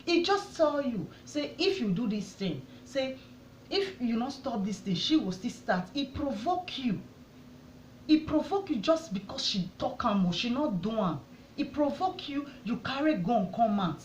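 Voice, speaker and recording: A Nigerian woman vlogger speaks with fierce conviction, pleading and demanding answers. Her voice sits slightly high. The sound is dull and roomy, with a faint hiss underneath. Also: sing-song, a little slow. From Edo State, Nigeria. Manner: pleading, indignant, rhetorical questions. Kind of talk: impassioned address to camera. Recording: echoey room, dull sound.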